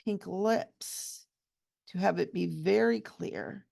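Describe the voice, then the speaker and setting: A woman hosting a relaxed coloring tutorial, chatting gently and cooing over small details as she works. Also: mid-range voice, takes it slowly, gravelly. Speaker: coloring channel host and hypnotherapist.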